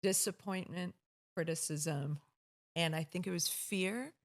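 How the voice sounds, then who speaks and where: A woman's voice: on the low side, a little slow. A woman hosting a podcast, chatting eagerly about self-help ideas. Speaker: podcast host. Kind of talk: casual chat.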